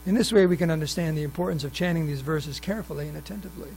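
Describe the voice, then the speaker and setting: A man with a highish, gravelly, darkish voice races through a scripture class in a temple hall, reading passages aloud with asides and questions for the audience. Frequent restarts and fillers mark his speech, and the low-quality recording has slight background noise.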